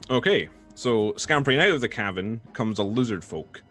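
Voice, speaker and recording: A man playing a tabletop game who describes his character in a measured, detailed way. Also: medium pitch, big pitch swings, fairly bright tone, slightly rough, faint music behind. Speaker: player. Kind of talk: casual tabletop play.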